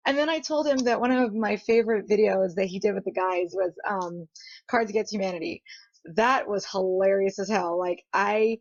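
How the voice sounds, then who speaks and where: A woman's voice: mid-range voice, fairly even intonation, normal speed, no room sound. A young woman telling a chatty vlog story, giggling often and acting out what people said. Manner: giggly, chatty, full of fillers and quoted voices. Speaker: vlogger. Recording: dull lo-fi home recording.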